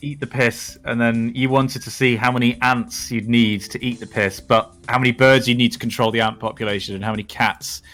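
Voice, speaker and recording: A man's voice: medium pitch, flat delivery, brisk, few pauses, fairly bright tone, faint music behind. A man guesting on a casual gaming session, enthusiastically explaining a nerdy side project. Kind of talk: casual multiplayer gaming chat.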